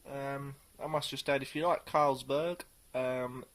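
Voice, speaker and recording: A man giving a casual, rambling beer tasting review, pausing often as he thinks aloud. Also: medium pitch, fairly even intonation, a bit bright. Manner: rambling, hesitant, many pauses.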